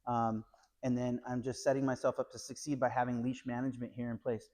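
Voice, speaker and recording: A man's voice: mid-range voice, flat delivery, fairly quick, a little mellow. A man working as a dog trainer, explaining puppy training step by step and checking in with the viewer with a frequent "okay?". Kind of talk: instructional training video.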